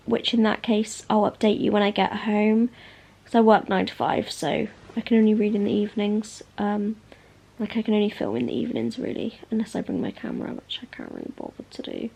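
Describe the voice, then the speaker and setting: A woman's voice: medium pitch, wildly swooping pitch, a little fast, vocal fry, darkish tone, slightly rough. A young woman chatting casually about books in a reading vlog at home, gushing and full of fillers. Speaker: book vlogger.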